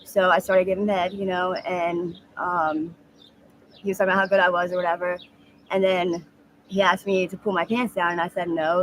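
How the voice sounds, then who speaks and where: A woman in her mid-thirties speaking frankly in a street interview, halting with many ums and likes. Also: fairly low pitch, a little hiss or hum. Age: 30s.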